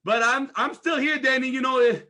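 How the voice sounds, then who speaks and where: A man's voice: very high voice, fairly even intonation, a little fast, pushed and bright. A man voicing a flustered, evasive team member who stammers out nervous, laughing excuses. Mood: sheepish. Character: flustered, evasive man caught slacking on his business.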